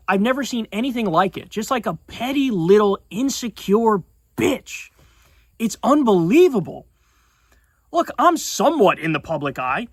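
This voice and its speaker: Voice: mid-range voice, lively intonation, no echo, clean studio sound. A streamer ranting casually about politics on a livestream, swearing often and sounding indignant. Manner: profane, indignant, fast-talking.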